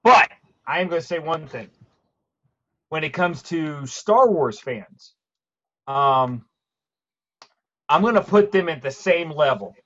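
A man's voice: on the high side, slow, long pauses. A man chatting casually, joking and acting out characters as he talks. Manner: animated, acts out characters, joking. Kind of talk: casual chat. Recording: dull lo-fi sound.

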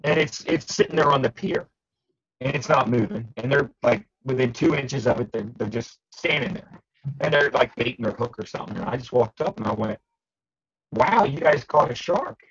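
A man co-hosting a podcast, casually telling anecdotes in an animated way. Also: fairly quick, husky, dull audio. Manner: animated storyteller, jumps high for quoted shouts. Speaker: podcast co-host. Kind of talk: casual storytelling chat.

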